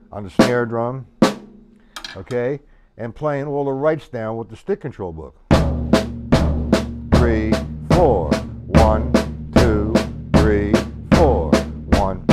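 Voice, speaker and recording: A man teaching a drum lesson, casual and repetitive, counting beats aloud as he plays. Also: medium pitch. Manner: casual, repeats words, counts beats aloud while playing. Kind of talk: live-streamed drum lesson. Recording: drums loud behind the voice. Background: drum kit playing.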